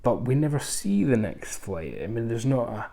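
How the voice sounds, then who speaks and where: A man's voice: medium pitch, big pitch swings, normal speed, gravelly, warm tone. A man hosting a casual film review, rambling along with frequent ums, restarts and chatty asides. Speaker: film reviewer, channel host.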